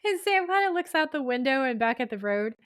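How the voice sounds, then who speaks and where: A woman co-hosting a podcast, chatting casually as she recaps a TV episode and acts out the characters' lines with lively voices. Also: sits high, fairly quick, no echo, studio quality. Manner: animated, acts out quoted lines. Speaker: podcast co-host.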